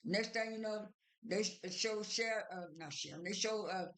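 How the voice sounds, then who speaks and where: A vlogger talks through a reality show episode in a loose, unscripted monologue. The voice sits at a middle pitch. Sentences stall on fillers, restart and pile up with "and then.". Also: moderate pace, a bit bright. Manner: rambling, many fillers and restarts; strings events together with "and then". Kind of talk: casual retelling monologue.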